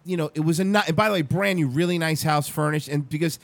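A loud, brash man swearing freely in casual podcast banter. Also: fairly high pitch, fast, gravelly, no room sound.

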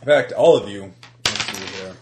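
A man's voice: lowish voice, moderate pace, roomy sound, a little hiss or hum. A man narrating a tabletop horror game as game master, talking in a hesitant way with many fillers and restarts.

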